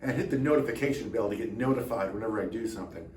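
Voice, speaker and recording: A man's voice: lowish voice, racing, darkish tone, echoey room, recorded from a distance. A tired man hosting his own channel, chatting casually to camera with rambling, self-mocking dry jokes. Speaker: drummer and channel host.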